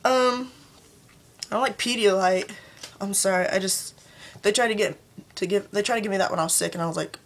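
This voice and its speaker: A young woman vlogger rants casually to the camera about her pet peeves, chatty and prone to sudden pitch jumps. She talks briskly but pauses often.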